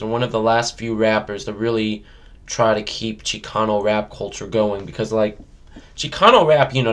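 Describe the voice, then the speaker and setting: A man from the United States, a rapper talking in a casual interview, emphatic and profane, with many "you know" fillers. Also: on the low side.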